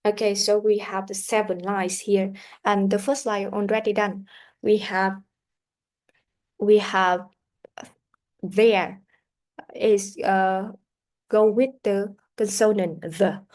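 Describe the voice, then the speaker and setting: Slow, careful woman teaching pronunciation. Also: mid-range voice, level tone, darkish tone. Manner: slow, careful, models sounds for repetition. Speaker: English teacher. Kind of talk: pronunciation lesson.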